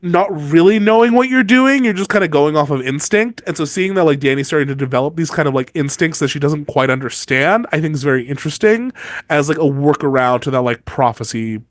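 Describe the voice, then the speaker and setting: Chatty man with a higher voice. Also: expressive, fairly quick, no echo. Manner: rambling, many "like" fillers, mock outrage. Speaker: podcast co-host. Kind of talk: casual book-discussion chat.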